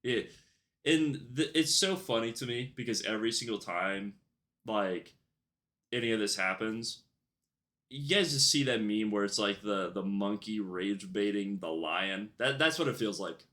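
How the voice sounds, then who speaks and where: A man's voice: lowish voice, lively intonation, measured pace, fairly bright tone. A young man telling a storytime vlog about his retail job in a casual, rambling way, full of fillers and restarts. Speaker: YouTuber telling a work story.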